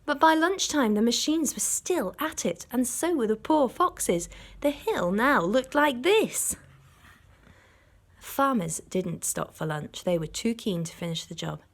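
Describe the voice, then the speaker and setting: A woman, a primary school teacher, reading a storybook aloud to children in an expressive way, stopping to explain words. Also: on the high side, a little slow.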